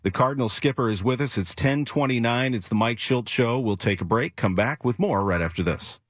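A man's voice: medium pitch, fairly quick, a bit bright, no room sound. A man hosting a radio talk show from the studio, enthusiastic and conversational, introducing segments and asking questions. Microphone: studio microphone.

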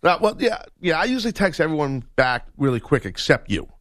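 A man's voice: on the high side, big pitch swings, fairly quick, a bit bright, dry recording. A man with a Southern US accent hosting sports radio in a studio, joking and boasting playfully. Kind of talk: casual radio banter. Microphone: studio mic.

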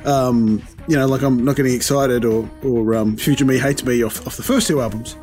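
A man with a British accent softened by New Zealand vowels, co-hosting a casual music podcast with sweary banter. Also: mid-range voice, fairly even intonation, fairly quick. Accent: British with slight New Zealand vowels. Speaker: podcast co-host. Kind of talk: casual chat.

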